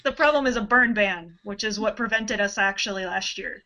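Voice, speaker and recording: A woman's voice: mid-range voice, moderate pace, pushed and bright, poor audio. A woman in a casual podcast chat, telling stories in an easygoing way.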